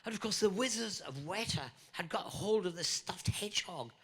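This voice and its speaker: Older Scottish actor, convention panel guest, gravelly and high-ish, joking anecdotes, big hall reverb. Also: male voice, animated, normal speed, fairly bright tone. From Scotland. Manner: playful, jokey, breaks into Scottish banter. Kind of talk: lively anecdotal storytelling.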